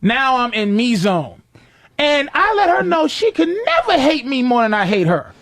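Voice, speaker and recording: A man's voice: extremely high pitch, huge pitch swings, moderate pace, a bit bright. A man hosting a radio talk show, rambling through a profane, laugh-filled story in a casual studio chat.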